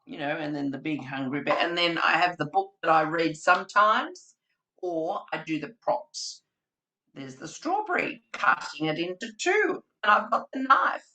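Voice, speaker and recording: Using props and performing voices and sound effects, a webinar presenter shows childcare educators in family day care how to tell stories. She has a low, sharp, expressive voice at normal speed, and the recording is rough.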